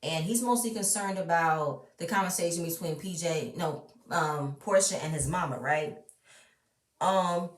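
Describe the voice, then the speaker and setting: A woman ranting bluntly and with strong opinions while recapping a reality show, swearing freely. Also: lowish voice. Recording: roomy, mic at a distance.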